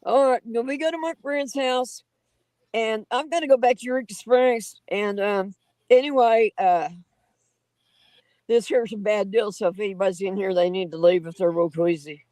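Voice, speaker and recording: A woman telling her own encounter stories as a livestream guest, in a folksy, animated and dramatic way with rough grammar. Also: mid-range voice, moderate pace, dry recording, low-quality recording. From Oklahoma. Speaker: guest storyteller on a paranormal livestream. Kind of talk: casual livestream storytelling.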